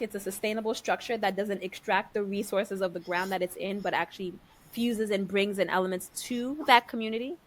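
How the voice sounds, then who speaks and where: A woman who is an architect and podcast guest, speaking deliberately and building rhythmic lists. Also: mid-range voice, steady tone. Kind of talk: measured reflective speech.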